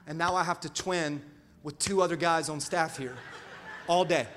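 A middle-aged male pastor preaching a sermon with call-and-response asides and sudden swings from quiet to loud. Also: fairly high pitch, steady tone, moderate pace, slight background noise. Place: large church hall. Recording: reverberant church hall with music.

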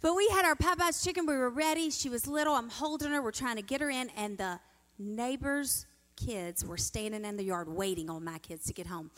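A middle-aged woman giving a sermon as a guest speaker, telling stories in an animated way and acting out the quotes. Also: on the high side, brisk. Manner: animated, storytelling, acts out quotes. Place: church sanctuary. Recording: reverberant church hall.

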